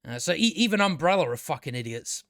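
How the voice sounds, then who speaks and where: A man's voice: on the high side, very animated, fast, a bit bright, no echo, clean studio sound. A man giving a casual, exasperated review, swearing freely and restarting his sentences with stammers. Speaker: show reviewer. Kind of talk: casual ranting review commentary.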